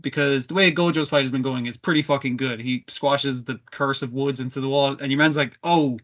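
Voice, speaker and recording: A man's voice: mid-range voice, fairly quick. A man recapping anime on a podcast in casual chat, swearing a lot and acting out the characters' lines. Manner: swearing, animated, acts out quotes. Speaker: podcast co-host.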